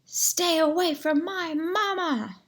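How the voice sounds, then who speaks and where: A woman's voice: a little high, very animated, normal speed, echoey room. A woman voicing a small, earnest young male gosling in a read-aloud storybook, with an eager childlike voice. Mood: fierce.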